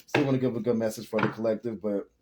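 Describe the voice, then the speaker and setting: A man's voice: lowish voice, fairly even intonation, fast, heavy background noise. A man giving a casual spiritual tarot reading to viewers, talking in an earnest, emotional and rambling way. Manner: addresses viewers as y'all. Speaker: tarot reader.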